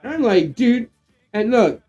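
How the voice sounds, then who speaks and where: A middle-aged man who is getting drunk, chatting loosely on a livestream, rambling, swearing and breaking into excited shouts. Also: a little high, a little slow, highs cut off. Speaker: live stream co-host. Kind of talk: casual livestream chat.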